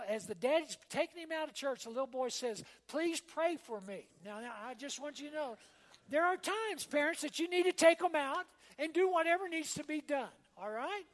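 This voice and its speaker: A woman's voice: sits high, in a large hall. A woman pastor giving a conversational sermon to her congregation in a church, often asking "amen?" and "all right?" as she goes. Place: church sanctuary.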